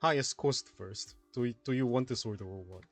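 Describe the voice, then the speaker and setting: A man co-hosting a puzzle stream, reading out notes and commenting in a halting, casual way. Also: medium pitch, faint music behind. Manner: halting, reads notes aloud slowly. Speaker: co-host of a puzzle showcase stream.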